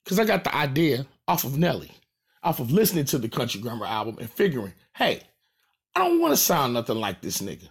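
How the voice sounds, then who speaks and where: A man from St. Louis with a St. Louis accent, talking straight to his audience in a profane, animated rant and repeating his points for emphasis. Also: medium pitch, fairly quick, vocal fry, slightly rough. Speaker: rapper. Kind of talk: casual direct-to-camera rant.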